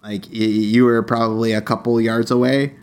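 Young male co-host, rambling storyteller, medium pitch. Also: flat delivery, moderate pace, clean tone. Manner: rambling storyteller with many fillers and restarts. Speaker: podcast co-host. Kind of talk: casual chat.

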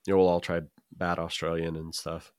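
Very deep-voiced man, dry close mic. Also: completely flat delivery, fairly quick, darkish tone, smooth, dry recording. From Utah. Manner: rambling, self-interrupting, dry jokes. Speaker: podcast co-host. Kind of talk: casual chat.

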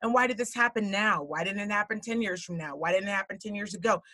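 A woman's voice: mid-range voice, fast talker, bright, forceful tone, no room sound. Blunt, swearing woman podcast host. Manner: blunt, profane, emphatic. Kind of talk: casual podcast chat.

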